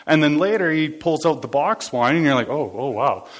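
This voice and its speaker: A man's voice: a little high, expressive, fairly quick. A man preaching a casual, conversational sermon, joking and talking back and forth with his congregation. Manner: chatty, jokey, interacts with the congregation.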